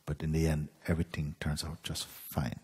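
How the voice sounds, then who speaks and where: A man gently telling a parable as a spiritual teacher, unhurried, with pauses and soft fillers. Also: a bass voice, completely flat delivery, breathy edge. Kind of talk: gentle spoken storytelling.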